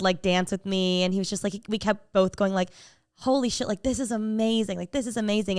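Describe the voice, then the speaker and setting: A young woman on a podcast with a smooth, clean voice, recorded close and dry with no room sound. She chats casually, full of fillers, and gets openly emotional as she tells her stories. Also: medium pitch, no echo. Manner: chatty, emotional storytelling with many fillers. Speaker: podcast co-host. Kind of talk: casual chat.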